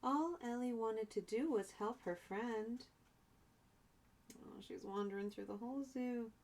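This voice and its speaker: A woman teacher reading a picture book aloud to young children, chatty, pausing to add asides and explain words. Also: a little high, a little mellow.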